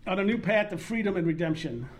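A woman voicing a gruff, unimpressed man with a Brooklyn accent who flatly translates an opera song line by line. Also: medium pitch, fast talker, natural voice. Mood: deadpan. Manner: flat, unimpressed delivery.

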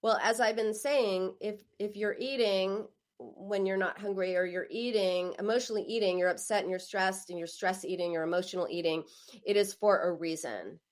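A woman speaking as an author giving advice, emphatic and animated, often acting out quoted phrases. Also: medium pitch, normal speed. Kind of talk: spoken advice monologue.

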